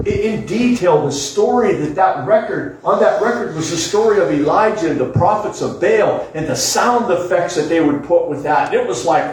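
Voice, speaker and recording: A man's voice: high voice, animated, moderate pace, few pauses. An older male pastor preaching a sermon in a church, earnest and repetitive, drawing out words for emphasis. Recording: echoey room, mic far off.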